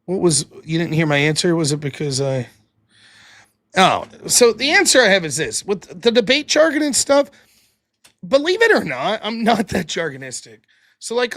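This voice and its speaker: A man's voice: high-pitched, fairly bright tone, no room sound. A man hosting his own live stream, chatting casually in a loose, rambling way and swearing freely. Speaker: live streamer and show host. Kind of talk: casual late-night live stream chat.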